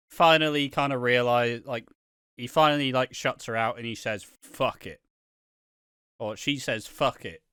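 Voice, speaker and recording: A man's voice: smooth, no echo, clean studio sound. A British man co-hosting a podcast, recapping a soap opera in casual chat, swearing a lot and acting out the characters' lines. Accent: British English. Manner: swears constantly, acts out characters' lines with big swings of pitch and loudness. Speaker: podcast co-host.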